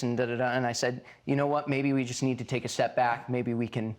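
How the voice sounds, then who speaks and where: A man speaks as the plaintiff in a courtroom, his voice at an ordinary middle pitch. He tells his story haltingly, leaning on "uh" and "you know" as he goes. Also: level tone. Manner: halting storytelling with many fillers. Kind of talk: courtroom testimony. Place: courtroom set.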